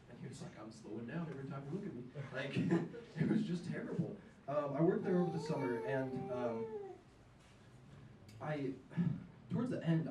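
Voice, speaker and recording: A man's voice: mid-range voice, recorded from a distance. A young man doing a live stand-up set in a diner, rambling and self-mocking with many ums. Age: young adult. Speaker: stand-up comedian. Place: diner in front of an audience. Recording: echoey room, mic from afar, faint noise.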